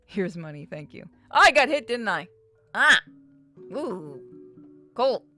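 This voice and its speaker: A woman's voice: mid-range voice, very animated, takes it slowly, pushed and bright, soft background music. A woman streaming a game, joking and swearing as she reads its dialogue aloud. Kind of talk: live gameplay commentary.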